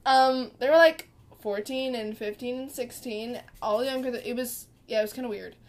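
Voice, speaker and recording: A woman's voice: on the high side, normal speed. A teenage girl co-hosting a podcast, telling a story in a casual, chatty way with lots of fillers and acted-out quotes. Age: teens. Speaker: podcast co-host. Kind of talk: casual chat.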